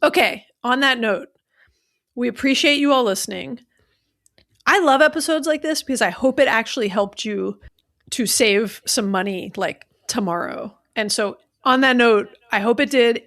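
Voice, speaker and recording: A woman's voice: fairly high pitch, gravelly, a bit bright. A woman in her thirties co-hosting a podcast in casual chat, chatty and full of fillers. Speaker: podcast co-host.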